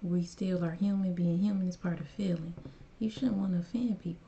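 A woman's voice: fairly low pitch, steady tone, brisk, dark tone, muffled recording, slight background noise. A woman hosting a reaction video, speaking to her viewers in a casual way and giving emphatic, preachy advice. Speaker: reaction channel host.

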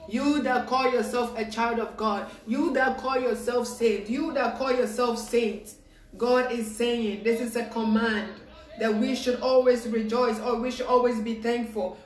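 A woman preaching an informal devotional sermon, excited and repetitive, acting out the people she quotes. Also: a little high, roomy sound.

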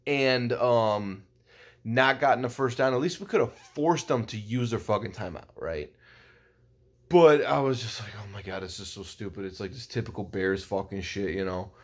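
Profane, rambling young male sports fan. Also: medium pitch. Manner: profane, rambling, excitable with lots of fillers. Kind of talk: casual game recap vlog.

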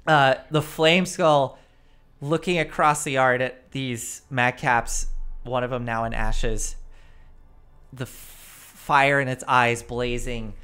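A woman's voice: a bass voice, fairly even intonation, takes it slowly, fairly bright tone, clear, resonant tone. A woman narrating as the game master of a tabletop role-play stream, giggly and rambling with fillers, on a desk mic.

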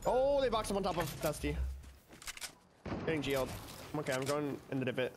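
Dude calling out plays in a game, casual and a bit sweary, noisy background. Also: male voice, on the high side, big pitch swings. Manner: quick tactical callouts, swears casually. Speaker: gaming teammate. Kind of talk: casual gaming chat.

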